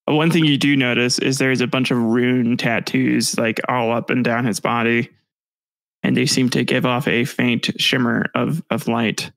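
A man's voice: mid-range voice, flat delivery, creaky, a bit bright, dry recording. Young man running a tabletop game. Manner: casual, halting, laughs at his own descriptions. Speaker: game master.

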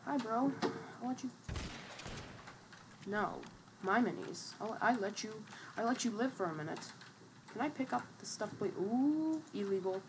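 A woman's voice: medium pitch, moderate pace, pauses often, noisy background. A woman giving casual gameplay commentary as a streamer, chatty and trash-talking, with lots of fillers. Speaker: gaming streamer.

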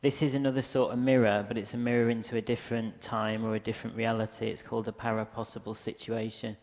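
A man's voice: fairly low pitch, little pitch movement, quick pace, darkish tone. A man giving a casual, rambling lecture with slides, hesitating often with ums, speaking into a microphone in a museum lecture hall. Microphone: handheld or stand microphone.

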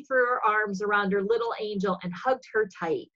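A woman reading a children's story aloud for religious education, expressive and husky. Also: mid-range voice, normal speed, few pauses, lo-fi sound.

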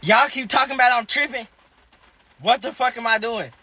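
A Southern American man with a strikingly high speaking voice chats casually into his phone on a livestream. His tone is sharp and bright, with a husky, raspy grain under it. He rambles and curses freely, firing back at whatever viewers type in. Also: normal speed. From Charlotte, North Carolina. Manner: rambling, profane, talks back to viewers' comments. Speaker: rapper hosting a livestream.

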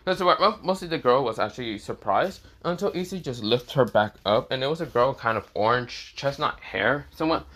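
A man's voice: mid-range voice, animated, fairly quick, few pauses, fairly bright tone. Man rambling through a story. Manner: rambling, full of fillers. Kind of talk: casual fan-fiction narration.

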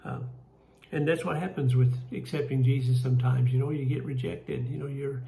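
A man with a Kentucky accent leading a church Bible study, folksy and halting, with many fillers and restarts. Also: mid-range voice, fairly even intonation, vocal fry, mellow, echoey room, rough recording. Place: church room.

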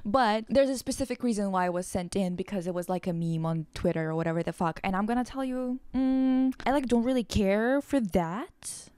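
A woman's voice: mid-range voice, brisk, few pauses, mellow, smooth, no echo. A young woman vlogger giving a blunt, profane, exasperated rant about pop culture. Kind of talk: casual ranting commentary.

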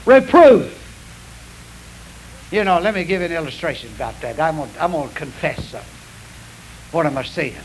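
Folksy high-voiced preacher man. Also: animated, quick pace, poor audio. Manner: folksy, confessional, drawling. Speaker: pastor. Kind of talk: sermon with storytelling. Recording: hissy old radio broadcast.

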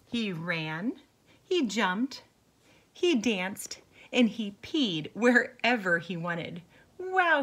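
A woman's voice: mid-range voice, a bit bright. A woman voicing an eager young male pet dog in a storybook read-aloud, wide-eyed and exclaiming. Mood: thrilled.

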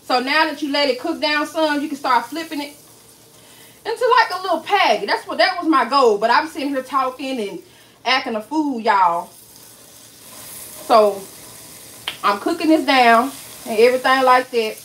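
A woman with a high, bright voice talks her viewers through a recipe on a casual cooking livestream. She is chatty and playful, jokes and swears now and then, and speaks straight to the audience. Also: moderate pace.

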